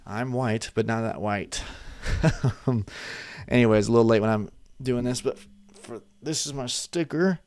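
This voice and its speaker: A man's voice: mid-range voice, measured pace, long pauses, a little mellow, clear, resonant tone, no echo, clean studio sound. A young man chatting casually to his webcam at his desk, rambling and swearing with laughing asides. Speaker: vlogger. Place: room at a desk. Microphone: desk webcam setup.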